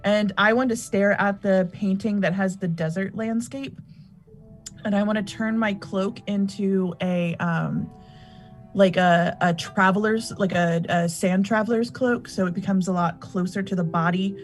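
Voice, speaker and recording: A woman playing a tabletop game, brisk and a little bossy. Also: medium pitch, steady tone, soft background music. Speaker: player.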